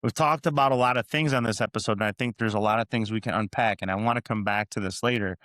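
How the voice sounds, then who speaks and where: A man's voice: lowish voice, quick pace, fairly bright tone, dry recording. A man hosting a podcast, chatting casually about his marriage and retelling his own lines in quotes. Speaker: podcast host. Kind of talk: casual chat.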